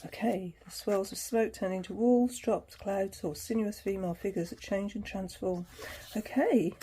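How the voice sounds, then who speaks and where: A woman's voice: mid-range voice, steady tone, normal speed, dark tone, a little hiss or hum. A woman hosting her tarot channel, chatting casually through an unboxing, laughing easily and reading passages aloud.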